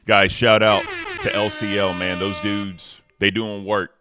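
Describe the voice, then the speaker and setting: A man hosting a casual livestream, laid-back and slangy, giving hype shout-outs to the community. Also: fairly low pitch, flat delivery, a little slow, over music. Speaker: host.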